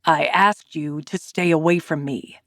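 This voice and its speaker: A woman's voice: sits low, fairly even intonation, measured pace, no echo, clean studio sound, pitched below the performer's own voice. A woman narrator voicing a tall, furious, brooding man who speaks in clipped, terse lines for an audiobook. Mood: curt. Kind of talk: audiobook character voice.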